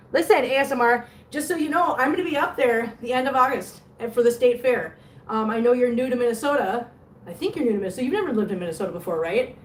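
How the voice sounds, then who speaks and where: A woman hosting a casual livestream at home, chatting to viewers and cooing at her cats. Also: a little high. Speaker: vlog host. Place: home room with litter boxes. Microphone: phone. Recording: echoey room with faint noise.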